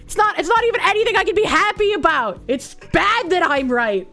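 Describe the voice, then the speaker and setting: Woman, news commentator, high pitched, blunt, sarcastic, profane, faint music underneath. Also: lively intonation, brisk, sharp tone. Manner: laughs often. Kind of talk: casual opinionated commentary.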